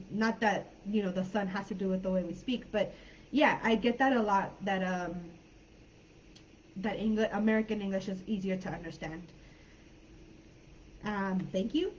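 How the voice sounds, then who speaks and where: A woman teaching English in a live online class, friendly and chatty, laughing often and filling pauses while she thinks. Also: mid-range voice, slight background noise. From California. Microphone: video call. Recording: dull lo-fi video call audio.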